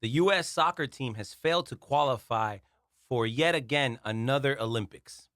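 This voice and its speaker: A man co-hosting a comedy podcast who laughs often and reads headlines haltingly. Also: mid-range voice, fairly bright tone, dry recording, clean studio sound. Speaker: co-host reading headlines. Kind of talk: casual comedic banter.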